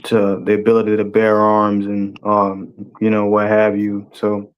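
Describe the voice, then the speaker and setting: A man from the United States talks on a podcast in a measured, hesitant way, filling his pauses with fillers as he works through his thoughts. His voice is somewhat low. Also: completely flat delivery, dull audio. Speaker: podcast co-host. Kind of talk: casual podcast chat.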